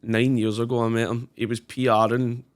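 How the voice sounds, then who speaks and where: A man's voice: medium pitch, flat delivery, moderate pace. Scottish guy in his twenties, casual podcast guest, easygoing and chatty. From Scotland. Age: 20s. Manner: chatty, laughs easily, says "mate" and "aye" a lot. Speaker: guest content creator.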